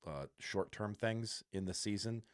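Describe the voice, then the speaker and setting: A man co-hosting a casual sports podcast, talking as an earnest, animated fan. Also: fairly low pitch, measured pace, dry recording, clean studio sound. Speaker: podcast co-host.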